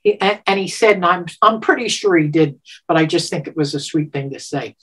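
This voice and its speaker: A woman in her seventies telling a personal story in an interview, animated, laughing often and getting emotional with halting restarts. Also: slightly rough. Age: 70s. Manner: animated, laughs often, acts out quotes with sudden pitch jumps. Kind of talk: storytelling, recounting a personal memory.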